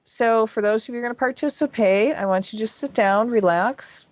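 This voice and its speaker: A woman hosting a talk radio show, chatting in an effusive, excitable way about her healing work. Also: fairly high pitch, a little fast. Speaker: radio show host and energy healer. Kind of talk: casual talk radio chat.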